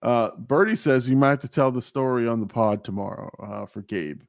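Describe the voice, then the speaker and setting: A male host chatting casually on a live stream, reading viewer comments aloud and reacting to them. His voice sits at a middle pitch. The recording is dry and close. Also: brisk, vocal fry, dry recording.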